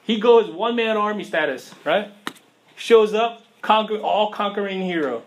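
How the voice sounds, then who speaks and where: A man's voice: high voice, normal speed. A man preaching a sermon in a casual, conversational way, with slang and rhetorical questions to the listeners.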